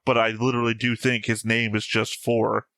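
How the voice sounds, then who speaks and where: A man's voice: fairly low pitch, level tone, moderate pace, a bit bright, no room sound. A man co-hosting an anime reaction show, chatting casually and reading his notes in a dry, contrarian way.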